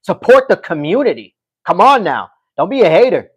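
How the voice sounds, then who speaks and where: A man hosting a casual livestream, reading chat comments and talking straight to his viewers, animated and swearing now and then. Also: sits high, normal speed, breathy edge. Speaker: livestream host.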